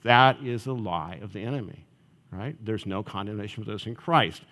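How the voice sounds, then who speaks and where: A man's voice: on the low side, moderate pace, sharp tone. A male pastor giving a sermon in a conversational style, often checking in with the audience. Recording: long reverb of a large hall.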